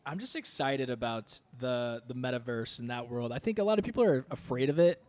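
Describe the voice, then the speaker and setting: A man co-hosting a podcast, chatting casually in a relaxed, slightly hesitant way. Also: medium pitch, brisk. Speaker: podcast co-host.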